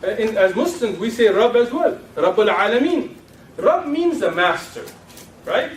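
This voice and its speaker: A man's voice: high voice, sing-song, moderate pace, slight background noise. A man giving a lecture to an audience in a lecture room, asking rhetorical questions and teasing his listeners. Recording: echoey room from far off.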